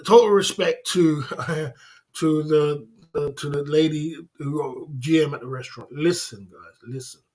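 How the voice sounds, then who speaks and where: A man's voice: fairly high pitch, a little slow, darkish tone. A man hosting a casual livestream, repeating himself insistently and scolding his viewers. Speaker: livestream host. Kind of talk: casual livestream rant to chat.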